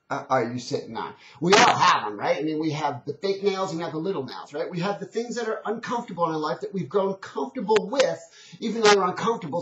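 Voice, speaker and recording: A man's voice: on the high side, a bit bright, a little hiss or hum. A man giving an earnest, conversational motivational talk, telling a story and urging change. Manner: earnest and conversational, many restarts. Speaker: motivational speaker. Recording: dull, echoey old recording.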